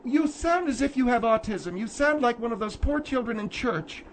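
A man putting on a prim, busybody older lady in a comedy radio bit. She scolds and preaches in a very high, thin voice, with a faint hiss behind it. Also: animated, normal speed. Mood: scolding. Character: prim, nosy older woman, a mother.

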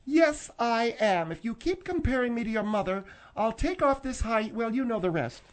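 A man's voice: very high voice, animated, voice pushed up. A man voicing a touchy older woman who bickers with the host in a radio comedy sketch. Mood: threatening. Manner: bickering, quick to take offense.

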